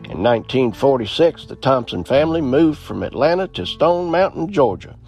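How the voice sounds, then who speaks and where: A man narrating a history in an earnest read-aloud way, with small slips and the odd throat clearing. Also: medium pitch, very animated, normal speed, darkish tone. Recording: slightly dull lo-fi audio with faint music.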